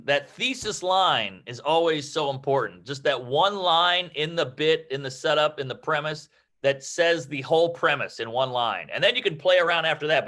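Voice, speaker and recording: A man's voice: fairly high pitch, pushed and bright. A man chatting loosely about writing jokes, rambling and swearing, acting out little quoted voices as he goes. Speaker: comedy teacher. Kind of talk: casual comedy-writing chat.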